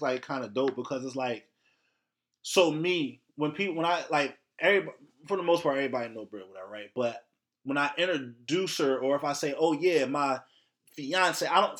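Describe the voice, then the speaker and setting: A man's voice: medium pitch, a bit bright. A man hosting a solo podcast, lecturing his listeners in a blunt, heavily profane rant. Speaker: podcast host.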